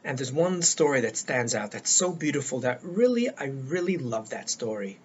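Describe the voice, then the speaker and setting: A man's voice: medium pitch, sing-song, normal speed. An older man giving earnest life-coaching advice, emphatic and repeating words for stress, on a dull lo-fi recording. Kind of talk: solo talk to camera. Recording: dull lo-fi sound with faint noise.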